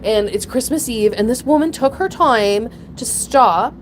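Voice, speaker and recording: A woman hosting a casual chat, rambling through a story with frequent laughter and sudden high, emotional bursts. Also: measured pace, a little hiss or hum. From Ontario, Canada. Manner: rambling, animated, laughs often, breaks into emotional high pitch. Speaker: channel host.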